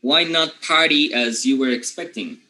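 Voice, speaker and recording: A man from Panama with a Panamanian accent, a native Spanish speaker teaching English pronunciation, who often clears his throat and keeps checking in with his students. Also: fairly high pitch, normal speed, pushed and bright, poor audio. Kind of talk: pronunciation lesson.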